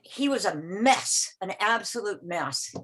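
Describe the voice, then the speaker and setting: This is an older woman speaking over a video call, sharing a memory at her own unhurried pace. She stumbles and restarts often and repeats words as she gathers her thoughts. When she quotes someone, she puts on a voice for them. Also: medium pitch, animated, fairly bright tone, husky, poor audio. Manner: rambling, halting, with many restarts and repeated words; acts out the voices of people in her story. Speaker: meeting participant sharing a story. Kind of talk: personal storytelling on a video call.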